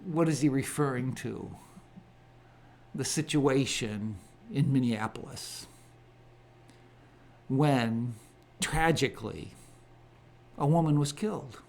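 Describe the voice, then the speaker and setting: Slow, deliberate man with emphatic phrasing. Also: mid-range voice, vocal fry, a little mellow. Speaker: ministry host giving a monologue. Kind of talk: solo spoken commentary monologue.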